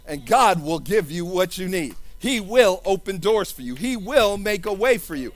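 Fervent high-voiced male preacher. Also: big pitch swings, moderate pace, hardly any pauses, faint music behind. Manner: fervent, sing-song preaching with repeated hallelujahs. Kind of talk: sermon.

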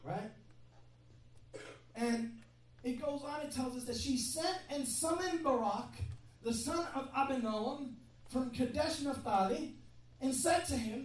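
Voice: high voice, slow, pauses often. A preacher giving a sermon in a conversational style, joking with the congregation in asides. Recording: very echoey hall, mic far off, faint ambience.

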